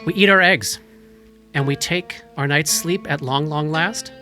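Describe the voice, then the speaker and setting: A game master narrating a tabletop horror game in a slow, dramatic storytelling manner. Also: medium pitch, pushed and bright, faint music behind.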